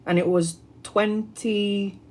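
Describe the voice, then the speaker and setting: A woman's voice: medium pitch, fairly even intonation, takes it slowly, a little mellow. A woman tarot reader telling a personal story on a livestream in an earnest, heartfelt, spiritual way.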